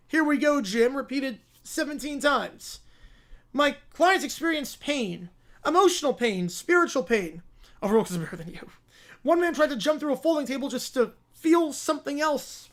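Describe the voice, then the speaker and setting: A man's voice: very high voice, heavily acted. A man voicing a bumbling, apologetic Canadian male lawyer who stammers and apologizes constantly.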